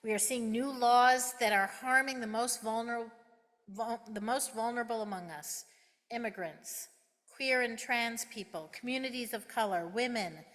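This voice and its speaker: A middle-aged woman minister preaching a sermon, measured and emphatic, with deliberate pauses. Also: a little high, a bit bright. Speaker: guest minister. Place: church sanctuary. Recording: reverberant sanctuary sound.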